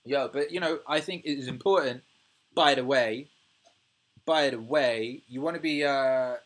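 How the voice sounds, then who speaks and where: A man's voice: medium pitch, unhurried. Swearing British man ranting on a livestream. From United Kingdom. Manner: swears freely, animated rants, laughs often. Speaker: music producer and livestream host. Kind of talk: casual livestream chat reading viewer comments.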